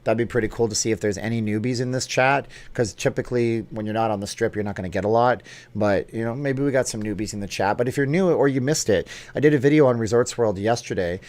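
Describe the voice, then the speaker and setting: A man's voice: mid-range voice, fast talker, a little mellow. A man hosting a casual livestream vlog, chatting in an upbeat way and jumping between topics as he reads viewer comments. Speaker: YouTube vlog host.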